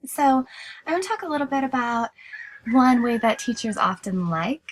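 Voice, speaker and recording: A woman's voice: a little high, lively intonation, moderate pace, poor audio. A woman teaching a writing class in a recorded lecture, explaining steadily and often restarting with "so".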